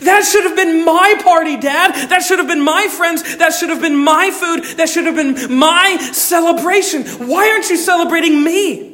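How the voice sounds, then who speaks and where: A man's voice: normal speed, bright, forceful tone. A man acting out a resentful older brother who complains that he has earned his father's favor. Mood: indignant. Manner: indignant complaining, rising pitch.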